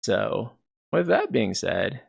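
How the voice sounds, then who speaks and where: A man in his thirties talks casually to his stream chat, with a low voice and a gravelly rasp. He rambles along, filling his sentences with "you know" and "like". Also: wildly swooping pitch, slow. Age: 30s. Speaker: streamer host. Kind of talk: casual livestream commentary.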